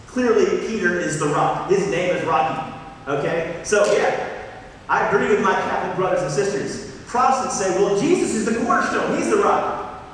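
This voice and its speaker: A man preaching a sermon, animated and building to impassioned peaks. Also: high voice. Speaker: pastor. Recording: echoey hall from far off, faint noise.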